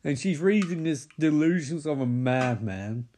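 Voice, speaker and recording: A man's voice: fairly high pitch, animated, unhurried, dark tone, a little hiss or hum. A man giving sarcastic running commentary on a movie he is watching, swearing and mocking the characters. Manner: sardonic, swears, mocks the characters in put-on voices.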